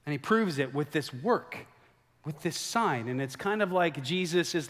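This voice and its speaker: A man preaching a sermon as a pastor, telling the story in a lively way and acting out the quoted lines. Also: on the high side, moderate pace. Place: church sanctuary. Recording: long hall reverb.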